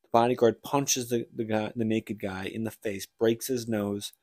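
A man's voice: lowish voice, steady tone, normal speed, a little mellow, no room sound, studio quality. A man co-hosting a casual book podcast, rambling through a story retelling with lots of "like" and restarts. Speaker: podcast co-host.

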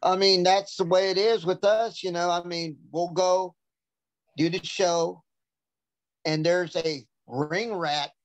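Guy telling jokey stories deadpan, dry close mic. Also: high voice, slow pace, no echo, highs cut off. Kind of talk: casual storytelling chat.

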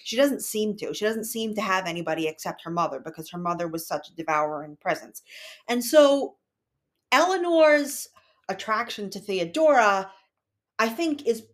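A woman co-hosting a book discussion podcast, talking casually and analytically and reading passages aloud in a wry tone. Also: medium pitch. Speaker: podcast co-host.

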